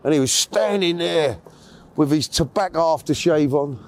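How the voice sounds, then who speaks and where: A man's voice: on the high side, expressive, moderate pace. A man, telling a long story as an interview guest in a rambling, chatty way, correcting himself as he goes. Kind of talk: casual storytelling.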